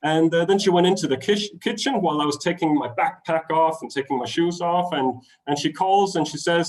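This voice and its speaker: A man's voice: a little high, a little fast, hardly any pauses, low-quality recording. A man from Denmark with a Danish accent, telling a travel story in a web talk and acting out the voices of people in it. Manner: animated, acts out voices in his story. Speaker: travel speaker. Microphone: webinar computer mic.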